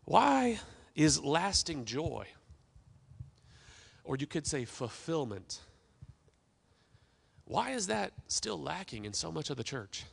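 A man's voice: a little high, big pitch swings, slow pace, creaky, pauses often, husky. A man preaching a sermon as pastor, emphatic, with call-and-response asides to the congregation. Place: church sanctuary.

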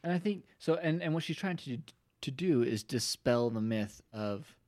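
A man's voice: mid-range voice, animated, normal speed, darkish tone. A man appearing as a podcast guest, chatting casually and telling laid-back, loose anecdotes. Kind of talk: casual chat.

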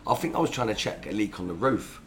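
A man's voice: lowish voice, expressive, quick pace. A man co-hosting a podcast, telling rambling, chaotic stories in casual chat. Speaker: podcast co-host.

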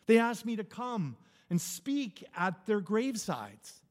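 A male pastor delivers a relaxed, story-driven sermon at a slow, unhurried pace. His voice sits somewhat high for a man, and he repeats and restarts his phrases as he goes. Long reverb from the hall trails his words. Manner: conversational, repeats and restarts phrases, chuckles often.

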